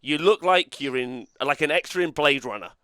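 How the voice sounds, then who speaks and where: A man's voice: on the high side, lively intonation, pushed and bright, smooth, no echo, studio quality. A man hosting a casual group chat, playful and often laughing. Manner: laughs a lot, quick and playful. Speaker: podcast host.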